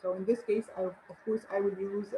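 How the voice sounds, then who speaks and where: A woman's voice: medium pitch, flat delivery, a little fast, dark tone, a little hiss or hum, rough recording. A woman English teacher giving an online grammar lesson, encouraging and asking her viewers questions. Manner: encouraging, rhetorical questions and praise.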